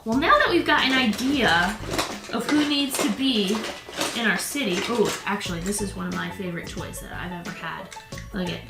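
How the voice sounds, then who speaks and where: Gentle, unhurried woman hosting kids' play. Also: medium pitch. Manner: playful, gentle, talks to the viewer. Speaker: children's video host. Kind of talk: toy play demonstration for kids. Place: home. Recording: roomy with background music.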